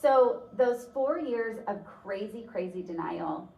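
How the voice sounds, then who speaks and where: A woman takes her time telling a personal story in a motivational talk, her medium-pitched voice gravelly, a little mellow, and lively in intonation. She's conversational and uses many fillers, and the distant mic picks up a roomy sound with faint noise.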